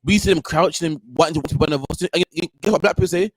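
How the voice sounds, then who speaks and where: Male host, rapid impassioned rant, dry close sound. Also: fairly high pitch, no room sound. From United Kingdom. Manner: ranting, repeats "man" at line ends, mimics others. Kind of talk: heated street-corner preaching.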